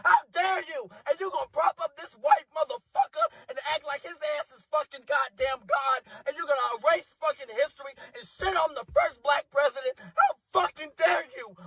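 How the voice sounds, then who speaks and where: A man ranting furiously into his phone, shouting and swearing with a cracking voice while crying. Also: extremely high pitch, no room sound, low-quality recording. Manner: screaming, profane, voice cracking. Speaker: angry voter in a viral clip.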